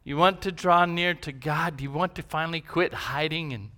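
A man's voice: a little high, moderate pace, pushed and bright. A man preaching a sermon as pastor, emphatic, with rhetorical questions and repetition.

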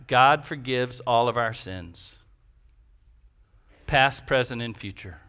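A man's voice: medium pitch, bright, forceful tone. A man preaching a sermon as pastor, emphatic, with rhetorical questions and repetition.

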